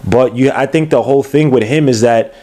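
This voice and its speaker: A man hosting a casual sports podcast, talking loosely and excitedly, swearing and checking stats on air. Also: medium pitch, a little fast. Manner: loose and animated, swears, looks things up on air. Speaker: podcast host.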